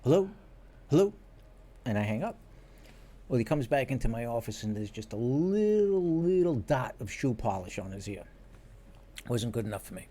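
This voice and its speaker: A man, a former police detective and podcast guest, telling an animated anecdote in casual chat and acting out what people said. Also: mid-range voice, normal speed.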